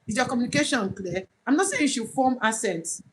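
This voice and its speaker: A woman's voice: a little high, expressive, brisk, low-quality recording. A woman with a Nigerian accent speaks on a live stream, coaching would-be online tutors. She talks earnestly, pressing her points and repeating them for emphasis. There is a faint hiss behind her voice. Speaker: online tutor trainer, livestream host. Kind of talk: casual livestream talk.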